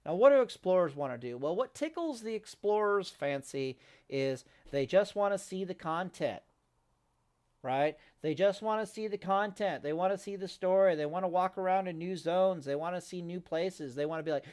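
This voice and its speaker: A man with a fairly high voice rants at home, swearing freely and rambling. He stumbles, repeats words and restarts sentences as his thoughts run ahead. The talk is loose and unscripted. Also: animated, normal speed, darkish tone, clean tone. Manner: profane, rambling, restarts often. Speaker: gaming vlogger. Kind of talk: ranting casual monologue. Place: home near a kitchen.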